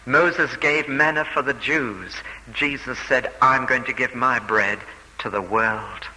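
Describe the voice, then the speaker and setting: Bright-voiced male preacher in a reverberant hall. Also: mid-range voice, takes it slowly. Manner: expository, emphatic repetition, acts out quotes. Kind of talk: sermon.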